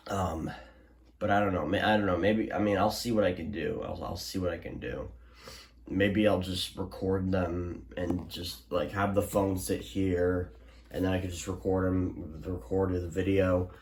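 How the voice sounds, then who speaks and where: A young man talks casually to his viewers, rambling, restarting sentences and filling gaps with ums. His voice sits low. The room around him is echoey. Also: level tone, measured pace, a little mellow. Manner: rambling, many restarts and fillers. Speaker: weather alert vlogger. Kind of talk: casual recap to camera. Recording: roomy echo.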